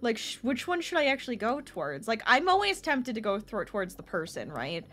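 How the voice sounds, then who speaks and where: Excitable woman streamer, lively pitch. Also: a little fast. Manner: excitable, chatty, reacting aloud to chat. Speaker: game streamer. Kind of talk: casual gameplay commentary.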